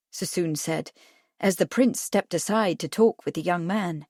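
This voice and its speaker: A woman reading an audiobook mystery in a steady, even narration. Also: fairly low pitch, unhurried, no room sound, studio quality.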